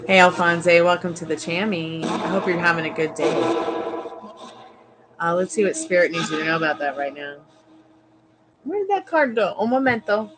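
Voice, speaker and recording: A woman's voice: lowish voice, expressive, normal speed, pauses often, noisy background. A woman hosting a live tarot and spirit box stream, chatting casually, greeting viewers by name and calling on spirit. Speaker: tarot reader livestream host. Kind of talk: casual livestream chat. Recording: music playing behind the voice.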